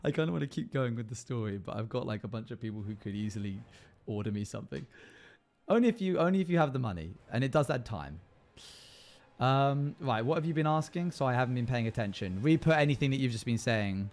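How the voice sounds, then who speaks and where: A man's voice: mid-range voice, expressive, darkish tone. Man running a tabletop game. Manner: slow, deliberate descriptive narration broken by casual asides to chat. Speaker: game master. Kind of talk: narrating a tabletop game on a livestream.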